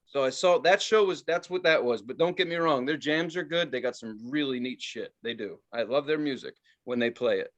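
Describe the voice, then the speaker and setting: A man's voice: medium pitch, fairly quick, a bit bright. A man co-hosting a podcast, telling a story in a casual, exasperated rant full of swearing. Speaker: podcast co-host. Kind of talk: casual ranting chat.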